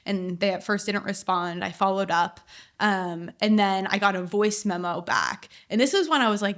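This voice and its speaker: A woman's voice: medium pitch, normal speed. A young woman talks through her story on a casual interview podcast. She is chatty and loose, scatters "like" through every sentence, and laughs easily between thoughts. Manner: chatty storyteller, heavy use of "like", laughs often. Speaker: guest chef.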